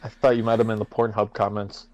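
A man's voice: fairly low pitch, flat delivery, quick pace, a little mellow, no echo. A man co-hosting a podcast while sick, his voice nasal and congested, ranting animatedly through casual chat with heavy swearing. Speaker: podcast co-host.

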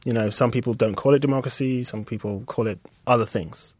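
A British man in his thirties, a designer being interviewed, speaking reflectively and haltingly with many restarts. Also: mid-range voice, darkish tone, slightly rough, dry recording. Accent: British English. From England. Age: 30s. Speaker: guest designer. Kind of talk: casual interview conversation.

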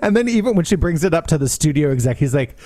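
A man co-hosting a podcast, chatting casually about books, animated and laughing as he acts out quotes. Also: on the high side, fast talker, no room sound, clean studio sound. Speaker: podcast co-host. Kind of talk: casual book discussion.

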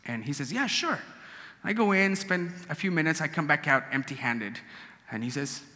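A man from Guatemala telling a personal story to an audience, emotional and animated, acting out the dialogue. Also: fairly high pitch, brisk. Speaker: storyteller guest. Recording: long hall reverb.

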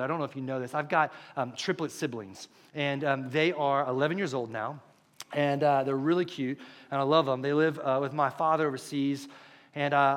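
A young man preaching a conversational, animated sermon full of stories. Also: mid-range voice. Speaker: pastor.

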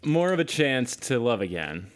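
Deadpan man with a lively voice. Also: medium pitch, moderate pace. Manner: dry, deadpan jokes. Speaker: podcast co-host. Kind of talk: casual chat.

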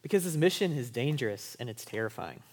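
A man's voice: mid-range voice, animated, fast talker, a little mellow. Casual, conversational male pastor. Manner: casual and conversational, asks the listeners "right?"; speaks to college students in everyday language. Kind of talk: sermon.

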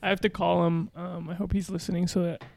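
A man with a high, gravelly voice co-hosts a podcast live stream. He talks in loose, joking chat and swears freely, with a raspy edge. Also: little pitch movement, fast, darkish tone, dry recording. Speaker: podcast co-host. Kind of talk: casual chat.

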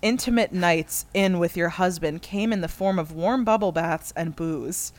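A woman's voice: fairly low pitch, moderate pace. A woman reading fan fiction aloud to friends, often breaking into laughter as she goes. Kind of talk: comedic dramatic reading.

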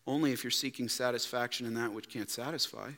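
A man preaching a sermon as pastor, emphatic, dropping to quiet rhetorical questions. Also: medium pitch, steady tone, fast talker. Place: church. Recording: long reverb in a church hall.

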